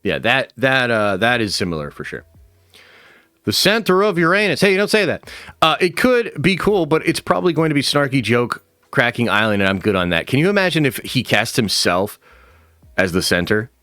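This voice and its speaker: A man's voice: medium pitch, big pitch swings, fairly quick, pushed and bright, no echo. A man hosting a livestream, chatting casually, reacting to viewers and swearing freely. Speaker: streamer host. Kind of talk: livestream commentary with chat.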